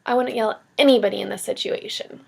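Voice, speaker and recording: Earnest young woman with vocal fry. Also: fairly high pitch, steady tone, quick pace. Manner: earnest, rambling, softly encouraging. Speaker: vlogger. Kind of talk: heartfelt motivational vlog talk.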